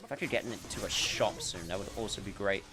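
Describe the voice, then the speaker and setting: Speaking fast in a lowish voice, a male gameplay commentator offers loose let's-play chatter while playing. He wanders from thought to thought, leans heavily on fillers, and breaks off his own sentences.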